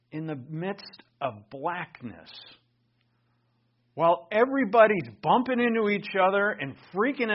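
A man's voice: sits high, muffled recording. A man teaching the Bible in an emphatic, conversational way, thinking aloud and restarting his sentences.

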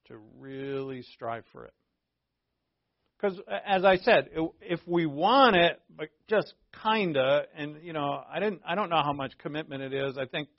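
Animated male preacher, dry lo-fi sound. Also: fairly high pitch, gravelly, no room sound. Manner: animated, chuckles often, acts out little dialogues. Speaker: pastor. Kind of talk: conversational sermon. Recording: dull, slightly lo-fi dry recording.

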